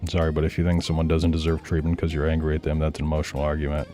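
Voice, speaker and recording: A man holds forth in casual ranting commentary, swearing freely and hammering his points bluntly. His voice sits very low, with a dark, mellow tone. Faint music plays under him. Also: completely flat delivery, rapid-fire. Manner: blunt, profane, heated. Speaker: streamer reacting to videos.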